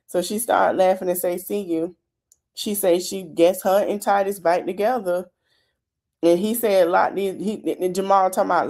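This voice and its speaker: A woman's voice: fairly low pitch, a little mellow. A woman hosting a podcast, casually recapping a reality show, retelling what people said and adding her own commentary. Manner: chatty storytelling, retelling dialogue with commentary. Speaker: podcast host.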